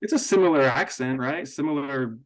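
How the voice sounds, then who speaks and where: A man's voice: medium pitch, moderate pace, a crowd in the background, low-quality recording. A man co-hosting a podcast, bantering in a playful, easygoing way. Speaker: podcast co-host. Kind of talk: casual podcast chat.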